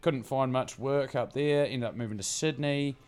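Casting: young New Zealand man, easygoing guest, dry self-deprecating humour, mid-pitched voice. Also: moderate pace, a crowd in the background. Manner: laid-back, self-mocking, dry humour. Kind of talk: casual storytelling chat.

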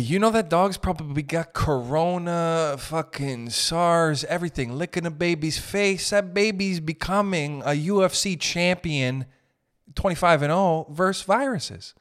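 A young man telling comic stories in a loose, profane rant, riffing with quick asides. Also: fairly high pitch. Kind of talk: comedic storytelling rant.

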